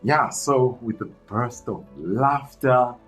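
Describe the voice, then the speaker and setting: A man narrating a storytime story in an animated, chatty way, talking straight to viewers. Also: mid-range voice, takes it slowly, faint music behind, poor audio.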